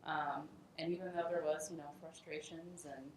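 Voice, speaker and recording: A woman's voice: low-pitched, fairly even intonation, moderate pace, crowd noise. A woman math teacher speaking proudly about her class at a graduation. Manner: upbeat and proud. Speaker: math instructor. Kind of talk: graduation speech. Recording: echoey hall.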